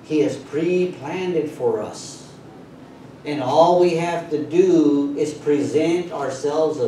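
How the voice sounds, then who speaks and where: Echoey, far-off man preaching slowly. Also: mellow. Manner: unhurried preaching with drawn-out emphasis. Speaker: pastor. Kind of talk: sermon. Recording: very echoey room, voice from far off, faint rumble.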